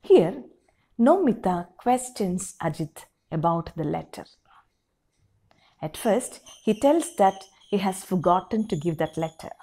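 A woman teacher reading a story aloud and explaining it, in an expressive, dramatic way. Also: lowish voice, measured pace, slightly rough. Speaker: English teacher.

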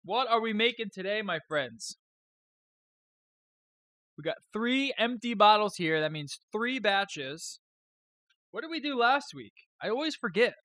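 Bright, forceful man hosting a live stream. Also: high-pitched, lively intonation, a little slow, pauses often, no room sound. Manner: rambling, joking, profane. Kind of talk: casual live-stream chat.

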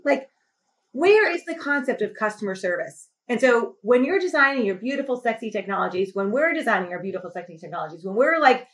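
A middle-aged woman telling a personal story as a podcast guest. She speaks with emphatic, animated passion, and her voice rises sharply when she grows indignant. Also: on the high side, a little fast. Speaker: podcast guest, company CEO. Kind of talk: impassioned conversational storytelling.

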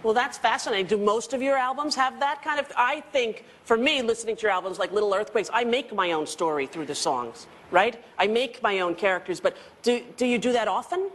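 A woman hosting a television talk show, asking questions conversationally and reacting quickly to her guest. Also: fairly high pitch, lively intonation. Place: television studio.

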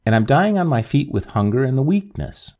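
A man voicing a hungry, menacing male tramp who speaks in a hoarse, husky voice and pleads for food. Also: medium pitch, very animated, a little fast, a little mellow, pitched above the performer's own voice, lightly acted. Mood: hoarse pleading.

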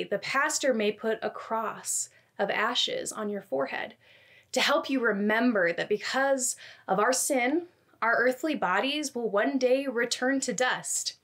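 Lady doing the kids' bible story at church, lively storyteller. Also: on the high side. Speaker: children's message leader.

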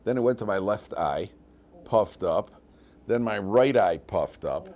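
A man, a rabbi teaching a class and telling funny personal stories, laughing at his own jokes. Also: measured pace. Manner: animated storyteller, laughs at his own jokes, big jumps in pitch and loudness. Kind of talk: lively class talk with personal anecdotes.

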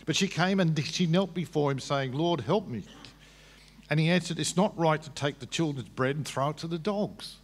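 Man explaining scripture in a reverberant hall. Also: on the high side. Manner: explains scripture patiently, halting restarts. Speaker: debater. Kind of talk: public debate answer.

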